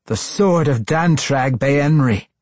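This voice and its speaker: Casting: a man doing an imperious dark elf matriarch, clipped and commanding, husky timbre, lively lift and fall. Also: fairly low pitch, takes it slowly, dry recording, full character voice. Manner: commanding, sharp, spiteful. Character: cold imperious drow matriarch, female. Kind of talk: audiobook character voice.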